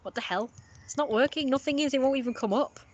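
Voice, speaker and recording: A woman's voice: high voice, fast. A woman giving casual live-stream commentary, rambling and often repeating herself with filler words.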